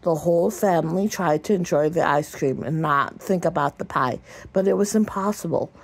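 Low-voiced woman reading a picture book. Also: moderate pace, husky. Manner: gentle read-aloud with small slips and restarts. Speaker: storybook reader.

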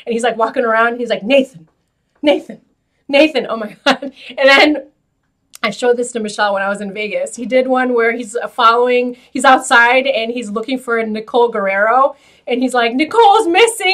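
A woman hosting a beauty vlog, chatting to camera in an animated, filler-heavy way and laughing often. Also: fairly high pitch. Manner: loose filler-heavy talk with frequent "like". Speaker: beauty YouTuber host. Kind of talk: casual chat to camera.

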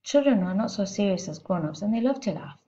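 A woman's voice: mid-range voice, lively intonation, fast, mellow, lightly acted. A woman voicing a small, clever, polite girl who speaks in an earnest, precise way, heard on a slightly muffled lo-fi recording.

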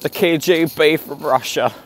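A man playing a loud, crude, excitable hillbilly vlogger who swings between yelling and muttering. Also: a little high, unhurried, slight background noise, pitched above the performer's own voice, natural voice. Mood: frantic. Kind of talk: comedic character vlog.

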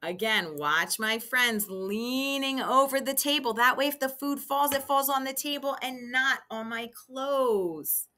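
Woman, kindergarten teacher, instructional video for little kids; sing-song and clear, bright tone. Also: high voice. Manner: slow, sing-song teacher voice addressing children. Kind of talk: instructional video for young children.

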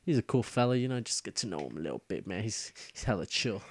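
A man's voice: on the low side, sing-song, fast, breathy edge. A young man giving casual gameplay commentary as host of his own video series. He jokes, grumbles and trash-talks at other players.

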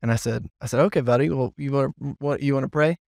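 Brief: pastor, male, animated anecdote-teller, podcast, dry sound. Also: mid-range voice, fast, creaky, no echo. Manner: animated storyteller, lots of fillers. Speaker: children's pastor. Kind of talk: casual podcast chat.

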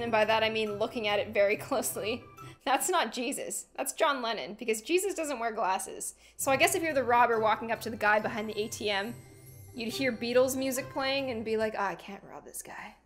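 A woman's voice: fairly high pitch, brisk, soft background music. A young woman hosting a casual reaction video, chatty and giggly, drifting into playful tangents and silly voices. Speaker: gaming and reaction video host.

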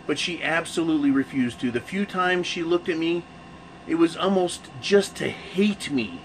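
A man's voice: on the high side, expressive, normal speed, slight background noise, rough recording. A man hosting his own channel, talking casually to camera in a rambling, profane rant full of restarts. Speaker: channel host.

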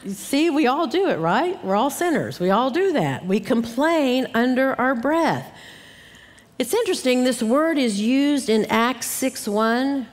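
A woman's voice: on the high side, expressive, unhurried. A middle-aged woman giving an earnest Bible teaching talk at a conference, acting out grumbling asides as she goes. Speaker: conference speaker. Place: church hall. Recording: long hall reverb.

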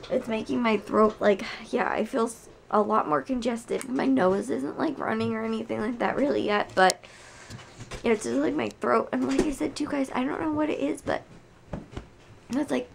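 Hoarse, gravelly young woman vlogging sick. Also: fairly high pitch, moderate pace, a little hiss or hum. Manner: chatty, lots of "like" and "guys". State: hoarse from a cold. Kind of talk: casual chat to camera. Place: home.

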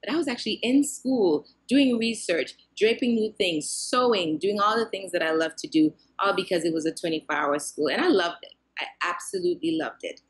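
A young woman, a fashion designer, answering interview questions in a lively, talkative way with many fillers and restarts. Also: fairly low pitch, brisk, husky.

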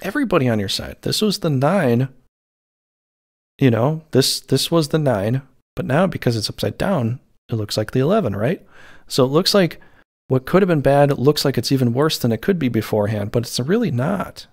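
A man's voice: mid-range voice, lively intonation, moderate pace, darkish tone. A man giving a casual, rambling tarot reading, full of fillers and restarts. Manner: rambling, meandering, lots of fillers. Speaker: tarot reader.

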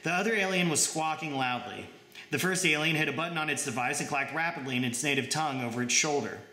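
A young man reading his own short story aloud in even, plain narration. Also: a little high, fast talker, echoey room. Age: young adult.

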